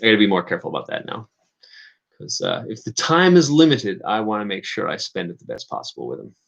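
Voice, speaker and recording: A man's voice: lowish voice, huge pitch swings, fast talker, vocal fry, fairly bright tone, slightly rough, rough recording. A man hosting a casual livestream chat, rambling and hesitant, often restarting and correcting himself. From Canada. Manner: rambling, hesitant, self-correcting with many fillers. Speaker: livestream host.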